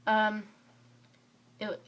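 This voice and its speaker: A woman with a cold giving a chatty, rambling book review vlog, full of fillers and tangents. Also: very slow. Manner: rambling and excitable, many fillers, drifts off topic. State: stuffy from a cold.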